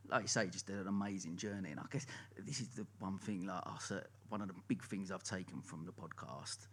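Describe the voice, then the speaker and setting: A man's voice: sits low, fairly quick, fairly bright tone, slight background noise. A man from Essex with an Essex accent, hosting a live podcast and asking loose, rambling questions. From England, Essex. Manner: loose, rambling questions with fillers, laughs easily. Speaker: podcast host. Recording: faint background ambience.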